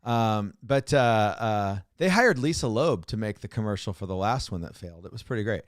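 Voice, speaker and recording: A man's voice: lowish voice, animated, brisk, no echo, clean studio sound. Rambling, joking male podcast co-host. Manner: rambling, repeats words and restarts often; joking, sarcastic asides. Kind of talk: casual chat.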